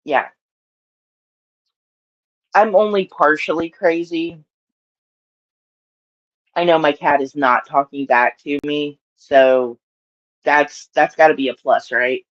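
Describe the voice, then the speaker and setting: A woman's voice: deep voice, takes it slowly, long pauses, dull audio. A woman with a Southern US accent chatting casually to her live-stream audience, rambling and laughing often.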